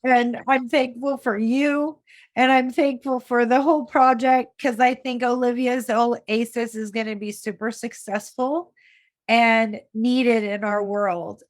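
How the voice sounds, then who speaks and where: A woman hosting a podcast interview, emotional and halting as she responds to her guest. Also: fairly high pitch, steady tone. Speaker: podcast host. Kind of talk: interview conversation.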